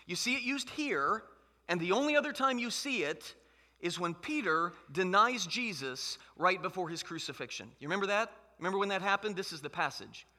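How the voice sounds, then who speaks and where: A man's voice: high-pitched, expressive, brisk, pushed and bright. A man preaching a sermon as pastor, emphatic and conversational, in a church hall. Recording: long hall reverb.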